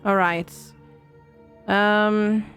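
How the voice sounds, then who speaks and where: A woman's voice: medium pitch, level tone, extremely slow, a bit bright, clear, resonant tone, soft background music. A young woman streaming a game, chatting and thinking aloud to her viewers. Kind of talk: casual game commentary.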